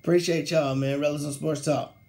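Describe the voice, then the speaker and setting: A young man hosting a sports talk show, ranting casually with slang, laughing mid-sentence and mocking quoted players in a lower voice. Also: fairly even intonation, a little fast, creaky, a little mellow. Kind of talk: casual solo sports rant.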